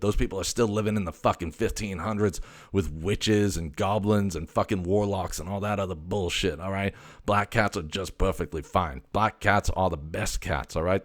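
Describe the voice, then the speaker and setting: Foul-mouthed swaggering house cat, a guy putting it on, lowish voice, rambly and cussing. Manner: swaggering, profane, rambling with stammers.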